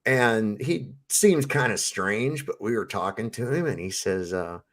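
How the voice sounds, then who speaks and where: A man's voice: lowish voice, expressive, measured pace, fairly bright tone. A man telling a long, rambling story in a casual panel chat, swearing freely.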